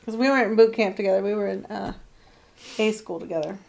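A woman with a middle-range voice co-hosts a relaxed podcast conversation. She keeps the talk moving with curious questions and easy laughter. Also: medium pitch, fast talker, gravelly. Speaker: podcast co-host. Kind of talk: casual chat.

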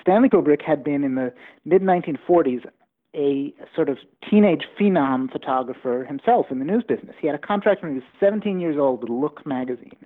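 A man with a slightly raised voice tells stories eagerly as an interview guest. His voice comes through a narrow, phone-like remote line. He is animated and keeps the story moving. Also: fairly high pitch, fairly quick. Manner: enthusiastic anecdotal storytelling. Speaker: author guest.

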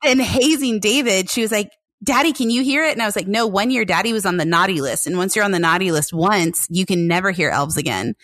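A woman's voice: mid-range voice, fairly quick, hardly any pauses, no room sound. A woman in her thirties, co-hosting a casual podcast chat, telling a story with lots of acted-out voices and laughter. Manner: animated storytelling, acts out voices, laughs often. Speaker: podcast co-host.

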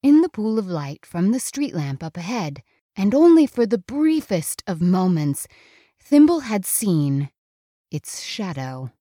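A woman narrating a storybook in a slow, dramatic and suspenseful way. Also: mid-range voice, big pitch swings, dark tone, dry recording, clean studio sound.

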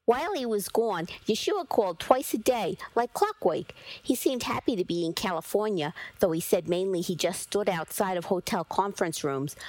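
A woman reads a story aloud in the first person, in a measured, even manner. Her voice sits in a middle register. The recording is dry and close, with no room around it. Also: medium pitch, dry recording, low-quality recording. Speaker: story reader. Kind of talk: first-person scripted narration.

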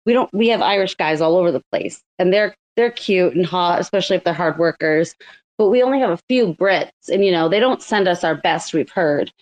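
A woman's voice: fairly low pitch, brisk, a little mellow. Chatty Boston-woman host, laughing. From Massachusetts. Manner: laughing, storytelling, lots of "like". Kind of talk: casual chat.

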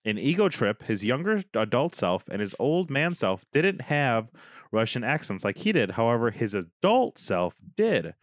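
A man's voice: mid-range voice, big pitch swings, moderate pace, no room sound, studio quality. A man co-hosting a podcast, chatting casually, joking and swearing, sometimes reading from the web. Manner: profane, joking, reads aloud from web. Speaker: podcast co-host.

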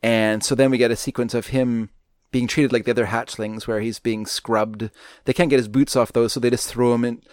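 Male co-host retelling a movie scene in casual, rambling chat; middle pitch, dry recording. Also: steady tone, brisk, no echo. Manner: rambling, with many restarts. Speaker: podcast co-host.

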